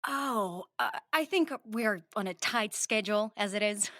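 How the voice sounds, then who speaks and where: A woman's voice: medium pitch, animated, unhurried, fairly bright tone, no echo, clean studio sound. A woman playing a bubbly young true-crime podcast host with a perky, sing-song delivery in a comedic audio drama. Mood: chatty.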